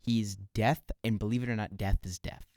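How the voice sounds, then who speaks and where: A man's voice: on the low side, fairly even intonation, normal speed, a little mellow, dry recording, clean studio sound. A young man co-hosting a podcast, joking wryly in casual chat. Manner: wry, jokey. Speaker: podcast co-host.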